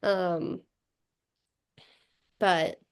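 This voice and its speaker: A woman's voice: lowish voice, fairly even intonation, very slow, smooth. A young woman co-hosting a sibling podcast, chatting casually about basketball and laughing through her stories. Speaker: podcast co-host. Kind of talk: casual sports chat.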